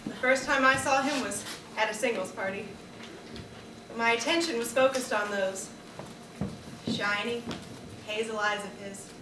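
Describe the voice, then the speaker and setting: A woman performing a first-person dramatic monologue in a measured, reflective manner, like reading from a diary. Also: on the high side, noisy background. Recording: echoey room, distant camera mic.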